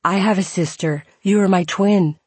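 A woman voicing an excitable young man with a Scottish accent who talks in a sing-song, as part of a memoir reading. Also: medium pitch, moderate pace, husky, dry recording, pitched above the performer's own voice, natural voice. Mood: excited sing-song.

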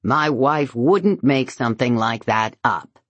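A woman reading a belligerent, defensive husband in an audiobook, blunt and combative. Her voice is deep and slow, recorded close and dry. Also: no echo, highs cut off, exaggerated voice.

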